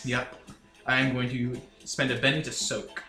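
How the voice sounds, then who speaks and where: A man's voice: medium pitch, little pitch movement, normal speed, sharp tone, soft background music. A man playing a tabletop game, chatty and thinking aloud through his rolls. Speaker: player. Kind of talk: casual tabletop game play. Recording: echoey room.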